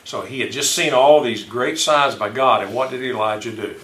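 A man's voice: medium pitch, normal speed, a bit bright. A man leading a casual group Bible discussion, telling stories with rambling self-corrections. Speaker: Bible study leader. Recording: echoey room, mic far off.

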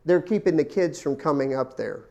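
Dramatic preacher man, loud to hushed. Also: a little high, lively intonation, moderate pace, vocal fry, lo-fi sound. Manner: dramatic, swings from loud exclamations to hushed near-whispers; addresses listeners as folks, asks rhetorical questions. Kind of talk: sermon.

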